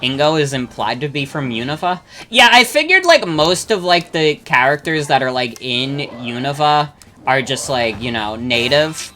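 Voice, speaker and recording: Bright, rambling young game streamer. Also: mid-range voice, animated, normal speed, faint music behind. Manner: rambling, filler-heavy, swears freely. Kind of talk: casual chat while gaming, reading chat.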